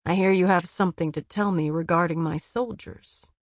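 A woman voicing a cold, preening noble man with a smooth voice, speaking with cool mockery in an audiobook. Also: fairly low pitch, fairly even intonation, normal speed, dry recording, close to an everyday voice.

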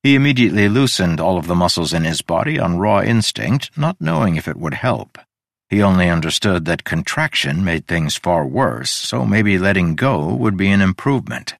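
A man narrating a fantasy audiobook in an expressive, varied storytelling delivery on a close studio mic. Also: deep voice, normal speed, gravelly, no room sound.

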